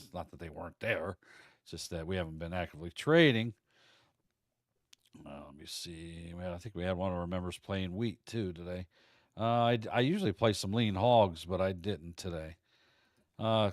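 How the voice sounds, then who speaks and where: A man's voice: deep voice, dry recording, studio quality. A middle-aged man teaching futures trading on a livestream, talking casually in a folksy, rambling way and stumbling over words now and then. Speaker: trading instructor.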